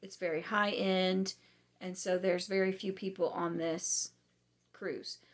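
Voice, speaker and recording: A woman hosting a casual book review, chatty and rambling with many ums, her voice going hoarse. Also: fairly low pitch, level tone, takes it slowly. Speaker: book reviewer, channel host.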